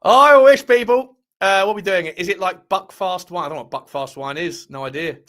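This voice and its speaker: A chatty man hosts a casual live stream, rambling and bantering with viewers. His voice sits a bit high for a man, and he laughs often as he talks. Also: fast, a bit bright. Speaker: livestream host reading chat.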